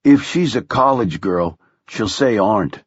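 A big slow-witted loner, grieving, mutters his thoughts in a plain low voice, as a man reading aloud plays him. The tone is husky and dry, on a slightly dull recording. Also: animated, dry recording. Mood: correcting. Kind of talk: audiobook character voice.

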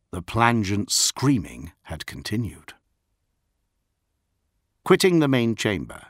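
A man reading a science fiction audiobook in a measured, dramatic way. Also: on the low side, no room sound, clean studio sound. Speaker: audiobook narrator. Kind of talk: scripted narration of science fiction.

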